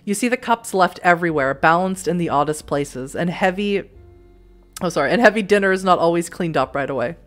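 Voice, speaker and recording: A woman's voice: on the low side, animated, a little fast, soft background music. A young woman hosting a let's play, reading a story game aloud with giggly, self-mocking asides.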